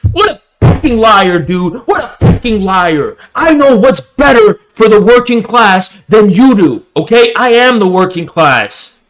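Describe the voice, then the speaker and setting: A man voicing a stubborn, drawling rural working-class man who talks slowly and dismissively. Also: sits high, very animated, a bit bright, slight background noise, exaggerated voice. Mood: scoffing, stubborn. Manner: folksy dismissive drawl, slow.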